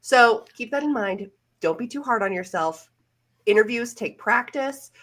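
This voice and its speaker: A woman's voice: a little high, expressive, a little slow, a bit bright. A woman career coach co-hosting a live-stream Q&A, giving reassuring, practical interview advice. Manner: reassuring, advisory.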